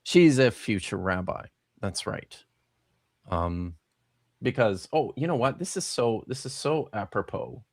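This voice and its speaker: A man's voice: on the low side, expressive, a little slow, no room sound, studio quality. A man hosting a casual live-stream chat, joking and rambling with restarts. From Canada. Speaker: host.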